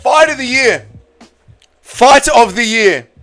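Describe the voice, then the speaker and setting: A high-pitched man with a bright, cutting tone hosts a fight watch-along stream. He swears freely and shouts through the action, then settles into slow, worn-out, emotional talk. Faint music plays behind him. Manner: excitable, profane, shouting at peaks then drained and emotional. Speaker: livestream host.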